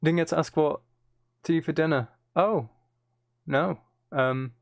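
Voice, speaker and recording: A man's voice: on the high side, a little slow, gravelly, dry recording. A man chatting casually on a live stream, reading out viewers' messages and hesitating often.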